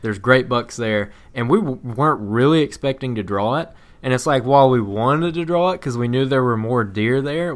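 A male podcast co-host chats casually about a hunting trip. He is easygoing and laughs often as he tells the story. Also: medium pitch. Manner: easygoing, laughs often while telling stories.

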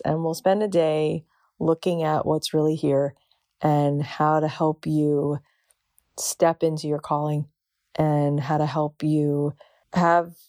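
Woman, podcast host, earnest, mellow tone, dry close sound. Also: low-pitched, no room sound. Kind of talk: promotional intro.

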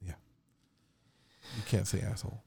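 A man's voice: on the low side, little pitch movement, normal speed, creaky, darkish tone, slightly rough, dry recording, studio quality. A man co-hosting a comedy podcast, bantering and reading mock ad copy in a jokey, mock-dramatic way. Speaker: podcast co-host.

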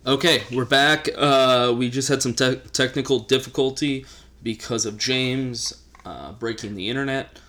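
A man's voice: mid-range voice, fairly even intonation, unhurried, pushed and bright. A man co-hosting a podcast, chatting casually and teasing his co-host. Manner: joking, teasing, runs the segment. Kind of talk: casual chat.

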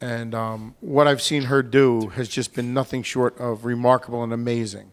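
Male panel guest, plain mid pitch, candid and rambling, acts out quotes. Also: steady tone, moderate pace, smooth. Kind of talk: casual Q&A answer.

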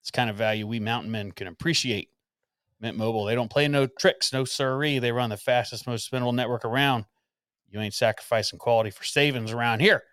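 A man's voice: medium pitch, steady tone, a little fast, fairly bright tone, clear, resonant tone, no room sound, clean studio sound, natural voice. A man reading as a folksy mountain man. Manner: reads the ad text aloud with folksy wording and playful emphasis. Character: folksy male Appalachian mountain man pitching a deal.

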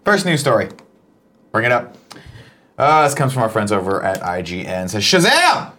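A man's voice: lowish voice, expressive, moderate pace, fairly bright tone. A man hosting a show who reads out news items and chats casually, with a dry, playful manner. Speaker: host reading news. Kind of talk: casual chat and news reading.

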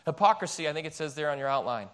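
A male pastor delivers a sermon in a church. His voice sits high and swings widely in pitch. He preaches with emphasis and throws out rhetorical questions. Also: expressive, rapid-fire, fairly bright tone.

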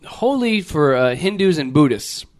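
A man telling a travel story in casual podcast chat, acting out the quotes with big jumps in his voice. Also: a little slow. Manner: animated, plays out quotes with big pitch jumps. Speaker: podcast regular.

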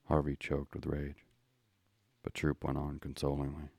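Extremely deep, gravelly male narrator. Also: no echo. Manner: steady, measured reading. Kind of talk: audiobook narration.

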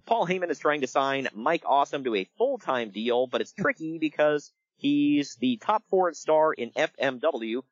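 A man hosting a casual podcast, telling stories in an animated way and laughing along. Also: on the high side, no echo, highs cut off. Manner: animated storytelling with laughs and quick impressions. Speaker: podcast host. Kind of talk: casual wrestling podcast chat.

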